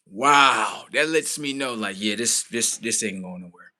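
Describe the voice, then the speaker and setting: A man with rants to his stream. His pitch swings up and down and his tone is bright. He talks casually, incredulous, and swears freely. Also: a little slow. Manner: animated, incredulous, swears freely, quotes others in his own voice. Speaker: livestream host. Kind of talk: casual storytelling rant.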